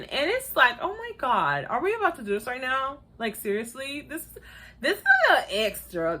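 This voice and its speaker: Woman vlogger, bright voice, sassy and animated, laughs a lot, casual chat. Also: on the high side, normal speed. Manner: animated and sassy, acting out quotes; laughs often while talking. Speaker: YouTuber reviewing a reality dating show.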